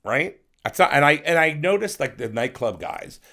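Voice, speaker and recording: A man's voice: fairly high pitch, very animated, moderate pace, vocal fry, pushed and bright. A middle-aged man who is a guest on a podcast, telling rambling, profane stories in a casual interview and acting out other people's voices.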